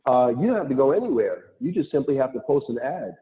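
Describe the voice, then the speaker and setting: A man giving a lively motivational talk as a guest speaker on an online call, acting out quotes as he goes. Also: medium pitch, fast talker. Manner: animated, acts out quotes, laughs. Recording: tinny phone-like call audio.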